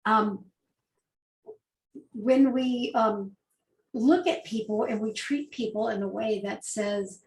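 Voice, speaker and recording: A woman's voice: a little high, fairly even intonation, slow pace, pauses often, darkish tone, reverberant, low-quality recording. A woman, an agile coach, giving a conversational talk with rhetorical questions. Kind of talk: presentation talk.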